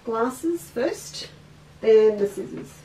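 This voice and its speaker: A woman's voice: on the high side, expressive, very slow, dark tone, far from the mic. An Australian woman hosting a casual livestream sewing class, chatting and rambling, talking to viewers by name. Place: indoor craft studio. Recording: echoey room, voice off-mic.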